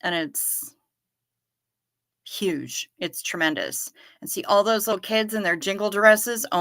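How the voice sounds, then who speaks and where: Bright-voiced woman hosting a casual livestream. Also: mid-range voice, expressive, unhurried, dry recording, studio quality. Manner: chatty, reads viewer comments aloud and answers them. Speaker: livestream host.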